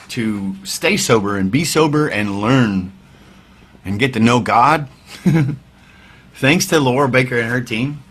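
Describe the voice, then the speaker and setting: A man, a veteran musician telling his story in a casual interview, candid and wry, swearing freely and dropping into quiet asides. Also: on the low side, slight background noise. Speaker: podcast guest, veteran musician.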